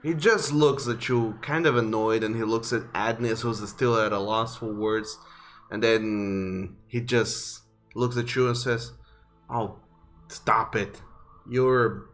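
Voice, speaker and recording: A man narrating a tabletop game as game master, unhurried and often restarting his phrases. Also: lowish voice, fairly even intonation, fairly bright tone, faint music behind.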